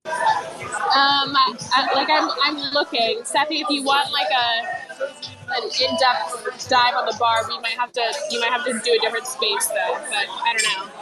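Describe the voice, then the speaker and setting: A woman chatting and teasing from a noisy bar, talking loudly over the noise. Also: on the high side, steady tone, normal speed. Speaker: guest speaker. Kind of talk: casual chat. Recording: loud music from a bar.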